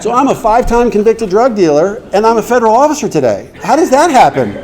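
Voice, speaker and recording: A man's voice: sits high, sing-song, fast, a little mellow, some chatter behind. A middle-aged man telling his recovery story to an audience, acting out the dialogue and laughing along the way. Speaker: recovery speaker. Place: meeting hall before an audience.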